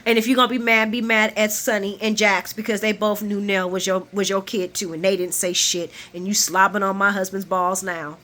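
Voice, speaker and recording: A woman host doing a casual, animated recap vlog of a soap opera. She curses freely, laughs often, and acts out the characters' lines as she retells scenes. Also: medium pitch, brisk, few pauses.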